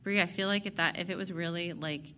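A woman's voice: lowish voice, fairly even intonation, fast talker, sharp tone, a little hiss or hum. A woman candidly sharing her recovery story to a group, blunt and profane and laughing at herself. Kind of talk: candid personal testimony.

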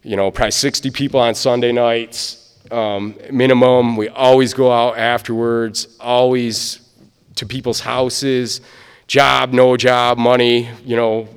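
A man's voice: mid-range voice, flat delivery, a little slow, smooth. Man from Michigan, recovery speaker, rambling and filler-heavy, echoey hall recording. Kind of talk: personal testimony storytelling.

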